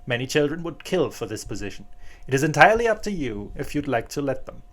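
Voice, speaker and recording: Strict wealthy mother, read by a man: clipped, sharp, commanding, no warmth. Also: medium pitch, very animated, fast talker. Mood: stern.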